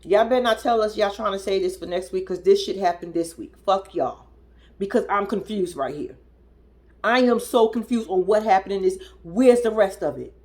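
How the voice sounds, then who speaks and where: A young adult woman giving casual, profane reaction commentary on a TV episode, incredulous and animated, often mimicking people in high squeals. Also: normal speed. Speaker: reality TV commentator.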